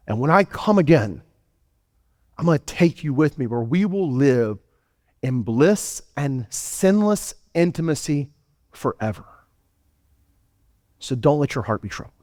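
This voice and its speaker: A man preaching a sermon as pastor, animated and storytelling. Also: on the high side. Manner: animated, storytelling preacher who acts out scenes. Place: church sanctuary. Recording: long hall reverb in a church.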